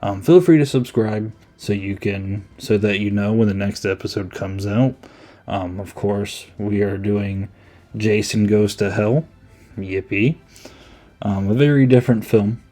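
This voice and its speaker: Solo podcast host, male, low mellow voice, loose and amused, filler-heavy. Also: unhurried, faint music behind. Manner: rambling, amused, many ums. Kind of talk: casual solo movie review.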